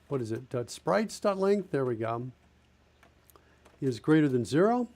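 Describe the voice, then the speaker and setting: Gravelly man live-coding aloud. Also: medium pitch, very animated, measured pace, a little mellow. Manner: thinking aloud while typing, self-correcting. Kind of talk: casual live-coding narration.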